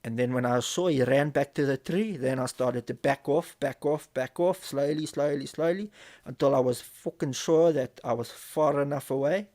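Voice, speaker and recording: A man's voice: medium pitch, normal speed, a little mellow. A man casually telling a story on a live stream, swearing often and repeating phrases as he builds tension. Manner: profane, vivid storyteller who repeats phrases.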